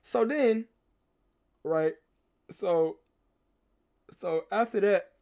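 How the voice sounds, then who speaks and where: A man's voice: sits high, extremely slow, gravelly, darkish tone. A young man, telling a rambling, slangy story to his stream chat and teasing viewers. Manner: rambling, slangy, repeats himself, teases chat.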